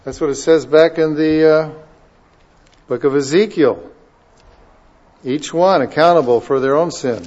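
A man preaching a sermon with a fairly high voice, captured on a dull, lo-fi recording. He drops into quiet asides, then rises into loud, forceful readings of scripture. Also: a little slow, long pauses. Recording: dull lo-fi sound.

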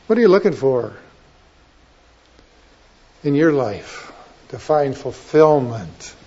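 A man preaching a sermon, dropping to soft asides and rising to loud, drawn-out emphatic lines. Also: medium pitch, sing-song. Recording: dull lo-fi sermon recording.

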